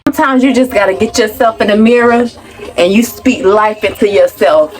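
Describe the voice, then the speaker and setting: A woman's voice: mid-range voice, moderate pace. A woman hosting her own video channel in a casual, dramatic monologue, outspoken and full of profanity. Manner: self-affirming, outspoken. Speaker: YouTube host.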